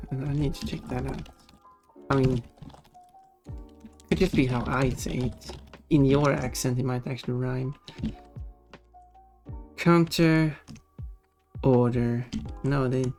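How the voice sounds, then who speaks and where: Streamer, slow easy chat, mid pitch, amused, faint music under it. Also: a little mellow. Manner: chatty, musing, laughs often. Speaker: livestreamer reading chat. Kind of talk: casual livestream chat. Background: faint background music.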